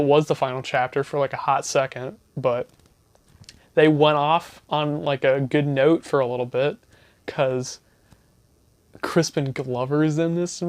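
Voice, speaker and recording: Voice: mid-range voice, no room sound. A casual, chatty reviewer rambling and laughing while recommending horror movies to a camera at home. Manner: chatty, laughs often, loses train of thought. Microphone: camera mic, self-filmed.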